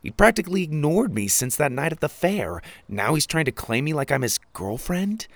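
Man, storybook narration, first person, animated pitch, dry close sound. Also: moderate pace, no room sound. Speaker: audiobook narrator.

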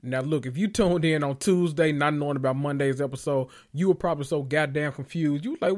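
Young adult male host, fairly high voice, sassy and rambling, profane recap chatter. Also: normal speed, a little mellow. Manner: rambling, sassy, laughs at his own jokes. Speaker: host of a reality TV recap show. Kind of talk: casual profane commentary.

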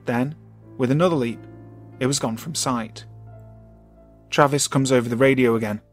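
A man narrating a scary story in a calm, measured way, slowing down for suspense. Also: mid-range voice. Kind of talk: scripted narration. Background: soft music.

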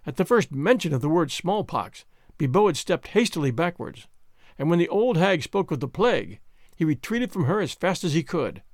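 A man's voice: on the high side, sing-song, normal speed, no room sound, clean studio sound. A man narrating a classic novel aloud as a podcast host, reading expressively and dramatically. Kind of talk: scripted narration.

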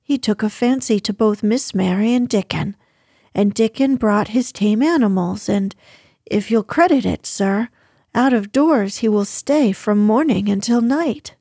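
A woman's voice: mid-range voice, unhurried, warm tone, no room sound, clean studio sound. A woman reading the lines of a flustered, deferential middle-aged housekeeper who speaks in a fussy, hesitant way. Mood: fussing.

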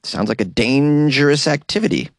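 A man's voice: on the high side, expressive, moderate pace, creaky, dry recording, clean studio sound. A man hosting a solo comedy news podcast, chatting casually and playfully, rambling and sometimes breaking into silly singing. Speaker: podcast host.

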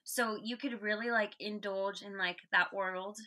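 A woman's voice: mid-range voice, fairly even intonation, a little slow, sharp tone. A woman guest on a podcast, chatting casually and rambling with lots of "like"s. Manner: rambling, many "like"s. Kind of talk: casual chat.

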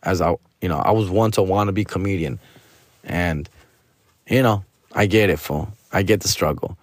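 A man's voice: low-pitched, normal speed, no room sound, clean studio sound. A man hosting a podcast, telling a story as a casual rant, profane and slangy, mixing in Spanish. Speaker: podcast host.

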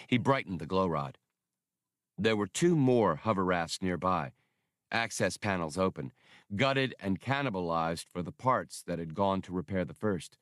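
A man reads an action audiobook with animated storytelling. His voice is low but moves lively up and down. The recording is dry and close. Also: a little slow, no echo. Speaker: audiobook reader. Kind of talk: audiobook narration.

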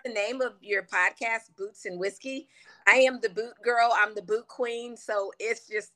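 Woman from Louisiana, bubbly guest, bright forceful voice, animated storyteller. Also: on the high side, a little slow. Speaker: guest, country singer. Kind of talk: casual interview chat.

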